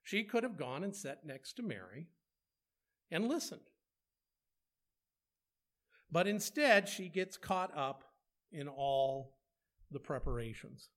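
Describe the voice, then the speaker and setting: A man's voice: fairly high pitch, sing-song, slow pace, long pauses, fairly bright tone. A man preaching a conversational sermon, asking rhetorical questions and slipping in playful asides.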